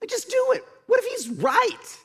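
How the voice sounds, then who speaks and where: A man voicing a humble servant who coaxes his master in casual, modern slang, pitched high. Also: huge pitch swings, normal speed, vocal fry, fairly bright tone, full character voice. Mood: coaxing.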